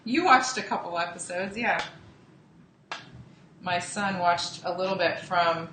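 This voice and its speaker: Bright chatty woman hosting a cooking show. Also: lowish voice, a little slow, reverberant, slight background noise, rough recording. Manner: chatty, talks to live viewers. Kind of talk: casual live cooking demo.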